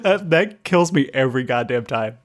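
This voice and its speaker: A man's voice: medium pitch, animated, normal speed. A man co-hosting a casual podcast, rambling with lots of fillers and laughing often. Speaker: podcast co-host. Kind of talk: casual chat.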